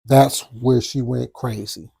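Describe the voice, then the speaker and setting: A man hosting a podcast, casually telling a personal story in an animated way with spoken sound effects. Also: medium pitch, slow, gravelly, slightly rough, dry recording, studio quality. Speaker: podcast host.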